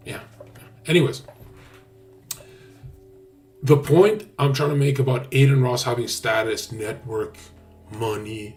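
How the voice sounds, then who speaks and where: A man's voice: fairly low pitch, a little mellow. A man talking casually on a livestream, brash, boastful and profane. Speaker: streamer.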